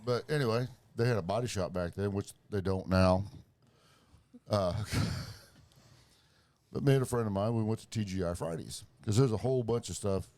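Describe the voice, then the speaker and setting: A man on a casual podcast, telling a story in a rambling, profane way with lots of fillers and restarts. His voice sits on the low side. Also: moderate pace, darkish tone, no echo. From Springfield, Missouri area. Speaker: podcast co-host.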